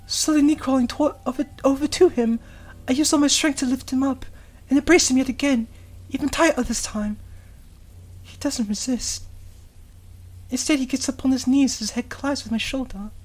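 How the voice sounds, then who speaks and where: A woman voicing a gentle, devoted young woman in a visual novel, narrating softly in first person and comforting someone she loves. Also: sits high, steady tone, normal speed. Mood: tender. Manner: soft, tender, hushed delivery.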